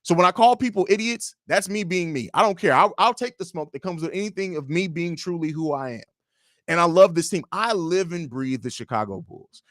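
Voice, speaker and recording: A young man hosting a casual livestream, reading viewer comments aloud and answering them in a blunt, profane, animated way. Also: a little high, dry recording, clean studio sound. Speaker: livestream host.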